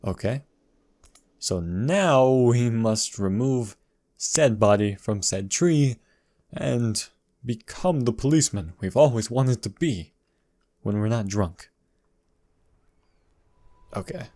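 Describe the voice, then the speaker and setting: A man's voice: lowish voice, expressive, takes it slowly, long pauses, dark tone. A man casually commenting on a video game walkthrough, reading the game's text aloud and adding dry jokes.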